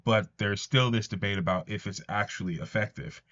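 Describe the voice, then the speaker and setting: A man's voice: fairly low pitch, normal speed, fairly bright tone, highs cut off. A man casually retelling a comic book story, earnest, with his own asides. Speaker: comics commentator. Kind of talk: casual comic recap narration.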